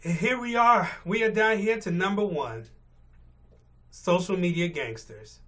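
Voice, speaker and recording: A man vlogging from his car on the morning commute unloads a blunt, profanity-filled, exasperated rant. His high-pitched voice sounds pushed and bright, and he speaks a little slowly.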